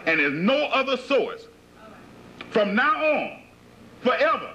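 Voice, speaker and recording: A bright, forceful man preaches to followers in emphatic, repeated phrases and keeps asking them questions. His high voice swings up and down across a wide range. The sound is a dull, lo-fi 1980s tape with faint hiss underneath. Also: big pitch swings, slow pace, pauses often. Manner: emphatic, repetitive rhetorical questions. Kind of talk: sermon-like lecture to followers.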